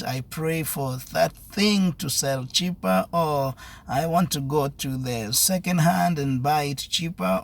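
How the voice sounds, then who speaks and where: A male preacher with a somewhat high, gravelly voice. He builds his message through earnest, repeated exhortations, pressing each point again and again. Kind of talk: devotional sermon.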